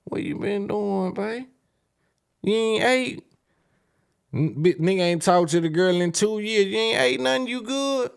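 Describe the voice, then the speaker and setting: Pitched-up, eager ladies' man crooning down the phone , put on by a man. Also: animated, unhurried, gravelly, smooth, exaggerated voice. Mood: sweet-talking. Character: slick man sweet-talking an ex-girlfriend on the phone.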